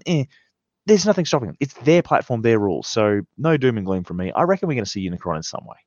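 A man co-hosting a podcast in casual chat, animated, acting out imagined quotes. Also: medium pitch, fast, no echo, muffled recording. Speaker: podcast co-host.

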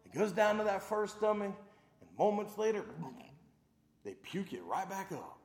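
A man in his thirties preaching a sermon, emphatic and folksy, swinging from loud declarations to hushed talk, in a roomy echoing hall. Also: sits high, big pitch swings, normal speed.

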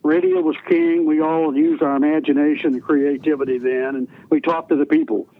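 Brisk, creaky and sing-song, with a fairly high pitch, an older man's voice comes through tinny phone-line radio audio. The retired radio DJ is interviewed and rambles through folksy stories of his radio career, with many restarts.

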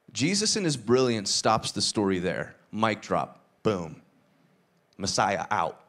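A man preaching a sermon, retelling a parable with lively acted-out dialogue and casual asides. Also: takes it slowly, pauses often. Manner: animated storytelling, acts out dialogue with shifting pitch. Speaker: pastor.

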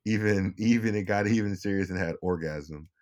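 Young male podcast co-host, very low voice, loose and rambling delivery. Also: moderate pace, darkish tone. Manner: rambling, restarts often, laid-back. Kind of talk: casual chat.

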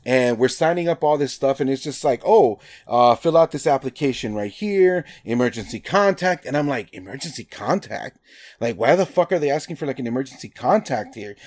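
A man from Nevada telling a story in casual chat, animated and swearing, acting out quotes with lots of "like". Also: mid-range voice, a little fast, hardly any pauses.

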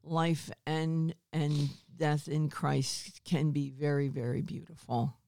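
A man as a guest in a faith-based interview, speaking in a measured, affirming way and giving gentle advice. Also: fairly high pitch, flat delivery, creaky, no room sound, clean studio sound.

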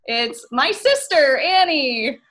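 A woman hosting a casual podcast, upbeat and quick to laugh. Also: high-pitched, big pitch swings, fairly bright tone. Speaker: podcast host.

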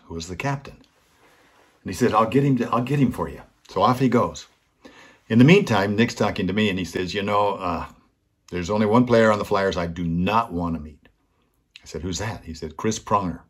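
A man's voice: low voice, slightly rough. An older man hosting a weekly talk, telling a personal story earnestly and acting out the voices of the people in it. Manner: earnest, acts out quoted voices. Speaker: host.

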